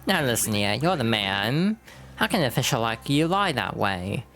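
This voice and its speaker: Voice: medium pitch, big pitch swings, moderate pace, a bit bright, soft background music. A streamer voicing an indignant, pompous old bomb-creature sailor who says sir and old boy.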